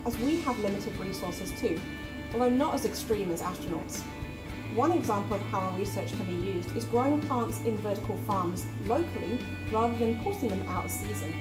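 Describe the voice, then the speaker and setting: Clear woman narrator over loud music. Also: fairly high pitch, rough recording. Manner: clear, steady, explanatory. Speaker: science video narrator. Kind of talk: scripted explainer narration.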